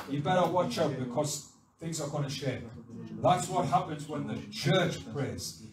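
During a church service, a pastor preaches emphatically and insistently, repeating phrases with rising force. His fairly high voice is picked up from a distance and rings around an echoey church hall, over steady room noise.

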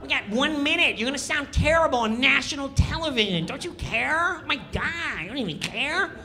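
A whiny, needling young castmate, as a comedian puts him on, nagging nonstop in a squeaky, high voice. He is sharp and bright, and he bounces around a lot as he pesters. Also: animated, moderate pace, exaggerated voice.

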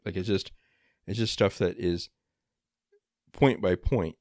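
A man with a low voice hosts a casual podcast discussion. He rambles and hedges, circling his point with fillers. The sound is dry, with no room echo. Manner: rambling, hedging with many fillers. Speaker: podcast host.

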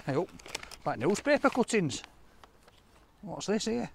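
A man, chatting excitedly to camera while he opens fan mail in a park, laughing often. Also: high voice, measured pace, vocal fry, noisy background. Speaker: food reviewer opening fan mail. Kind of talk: casual vlog chat to camera. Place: outdoors in a park.

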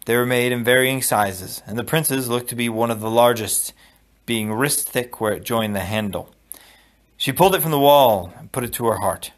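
Steady male storybook reader. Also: mid-range voice. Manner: steady, measured narration. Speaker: audiobook reader. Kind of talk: storybook read-aloud.

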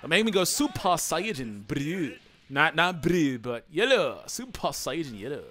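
A man doing let's play commentary, excitable and yelling taunts at his opponents over faint game music. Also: on the high side, a little slow. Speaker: gaming channel host.

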